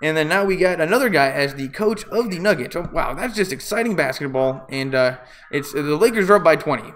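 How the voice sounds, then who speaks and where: A man's voice: on the high side, animated, fairly quick, fairly bright tone, slight background noise. Rambling, opinionated amateur sports commentator man. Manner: rambling, opinionated, jokey asides. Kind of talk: casual live play-by-play commentary.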